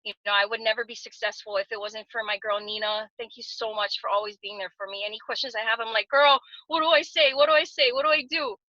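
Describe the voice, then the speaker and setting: Her pitch is fairly high here, with a bright, forceful tone. The Hawaiian woman in her thirties is giving a casual, earnest video-call testimonial, restarting often and using plenty of fillers, on dull lo-fi audio with no room sound.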